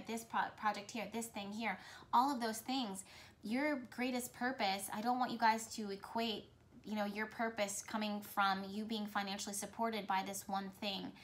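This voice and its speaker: A woman's voice: medium pitch, steady tone, normal speed. A woman speaking directly to her viewers as a spiritual reader, talking in a flowing, repetitive, earnest way. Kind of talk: intuitive message talk to camera.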